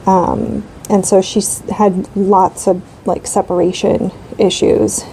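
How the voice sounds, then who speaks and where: A woman's voice: medium pitch, level tone, takes it slowly, vocal fry, warm tone, a little hiss or hum, poor audio. A woman in her thirties chatting casually while she colors, rambling with lots of fillers. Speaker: coloring channel host.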